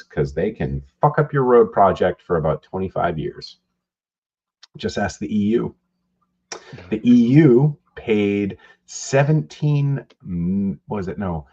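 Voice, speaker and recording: Podcast co-host, male, husky lowish voice, loose swearing storyteller, dull lo-fi sound. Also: warm tone. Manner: rambling, profane storytelling with laughs. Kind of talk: casual podcast chat.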